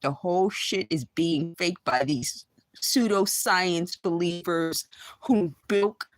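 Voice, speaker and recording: A hoarse woman talking to her camera from her bedroom after just waking up, rambling and agitated with many restarts. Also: lowish voice, slow, no echo, low-quality recording. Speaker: vlogger. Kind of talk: rambling late-night vlog monologue. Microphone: recording herself on camera.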